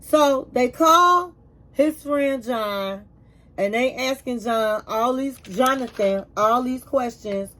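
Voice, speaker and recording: High-voiced chatty woman recapping a show. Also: takes it slowly, a bit bright. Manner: chatty storytelling, acts out quotes, calls viewers honey; emphatic repetition when reacting. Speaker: reality TV recap vlogger. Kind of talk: casual episode recap.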